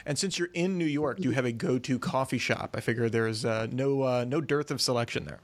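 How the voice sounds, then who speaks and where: A man hosting an interview podcast, asking questions casually and pausing often with fillers. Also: medium pitch. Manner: hesitant, many fillers and restarts. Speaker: podcast host.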